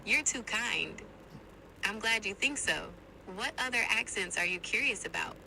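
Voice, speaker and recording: A woman's voice: mid-range voice, animated, normal speed, vocal fry, pushed and bright, rough recording. A synthetic woman's voice of an AI assistant, chatting in an upbeat, friendly and polite way, played over a phone speaker. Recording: phone speaker with background noise.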